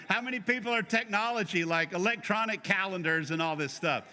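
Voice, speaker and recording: Bright-voiced joking male pastor. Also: sits high, fairly quick, hardly any pauses, big-room sound. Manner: joking, conversational preaching with playful teasing. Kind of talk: sermon.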